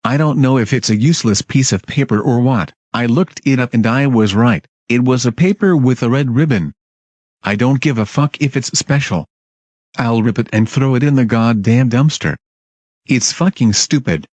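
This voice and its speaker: A man's voice: mid-range voice, normal speed, a little mellow, no room sound. Blunt, cursing male storytime narrator. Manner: profane, blunt, irritable.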